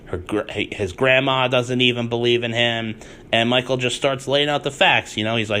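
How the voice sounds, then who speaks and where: Bright-voiced male podcast host. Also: mid-range voice, fairly even intonation, normal speed. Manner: chatty, laughing recap. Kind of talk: casual episode recap.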